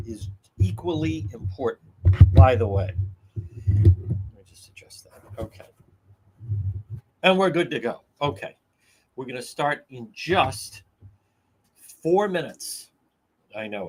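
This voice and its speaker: Husky, lively talk radio man. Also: mid-range voice. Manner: rambling, repeats phrases for emphasis. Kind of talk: live talk radio livestream.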